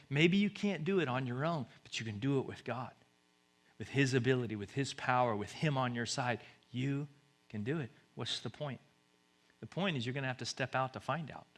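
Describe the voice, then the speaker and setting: Male pastor preaching, tense and bright tone, moves between loud scripture reading and near-whispered pleas, stumbles and restarts. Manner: swings from booming reading to hushed, soft-spoken appeals; stumbles and repeats words when pressing a point. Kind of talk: sermon.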